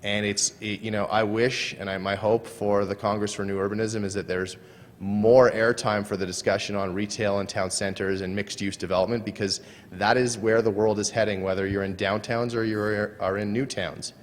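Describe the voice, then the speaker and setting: Deep-ish guy presenting at a conference, earnest, echoey hall sound. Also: flat delivery, normal speed. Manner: earnest, sometimes trailing off and restarting. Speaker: conference speaker. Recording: long hall reverb.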